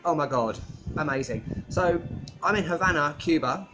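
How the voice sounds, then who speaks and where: An excitable young man from Britain talks straight to camera on an outdoor rooftop, his voice sitting a little high. He is chatty and expressive, and wind blows across the mic. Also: normal speed, poor audio. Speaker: travel vlogger. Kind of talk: casual vlog to camera. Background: wind and music.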